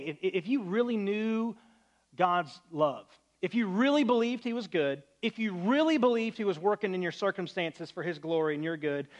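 High-voiced man preaching an earnest sermon. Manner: earnest, conversational, drops to quiet on sad moments. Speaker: pastor.

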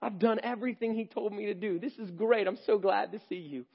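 A preacher putting on a boastful Saul. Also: male voice, high voice, fairly quick, creaky, dull audio. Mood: cheerful. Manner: boastful and self-justifying. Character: proud self-assured biblical king, male adult.

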